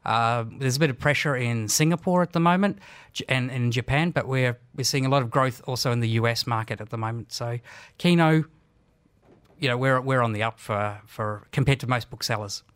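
A man's voice: mid-range voice, brisk, fairly bright tone, clean tone, no echo, studio quality. Australian man answering with many ums. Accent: Australian with slight New Zealand. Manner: hesitant, many fillers. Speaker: bookstore manager, guest. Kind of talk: interview.

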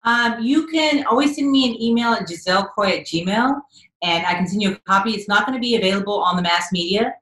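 A woman guest coach speaking gently and encouragingly in a casual interview. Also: mid-range voice, lively intonation, brisk. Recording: roomy echo.

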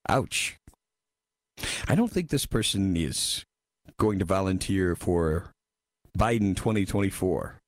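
A man's voice: deep voice, lively intonation, slow pace, long pauses, dry recording. A man hosting a talk radio show, reading listener messages and giving wry, emphatic commentary into a studio microphone.

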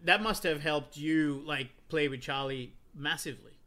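A co-host drops jokes into a casual podcast chat. He speaks high in his range with a bright, forward tone. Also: normal speed. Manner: joking interjector.

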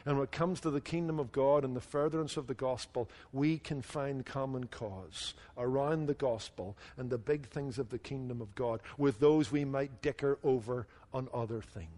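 A man preaching a sermon, telling jokes and stories in an animated way and acting out the people in them. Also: medium pitch, normal speed, few pauses. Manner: animated storytelling with voiced quotes. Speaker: pastor. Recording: hall reverb.

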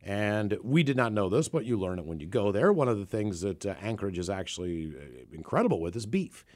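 Animated man telling a rowdy story. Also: fairly low pitch, a little fast. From Seattle area. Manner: animated, profane, rambling. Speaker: podcast co-host. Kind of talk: casual storytelling.

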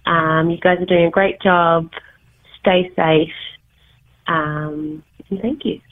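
A woman's voice: on the low side, steady tone, slow. A woman calling in with a friendly, slightly hesitant voicemail question. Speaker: caller. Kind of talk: voicemail message. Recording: tinny phone line.

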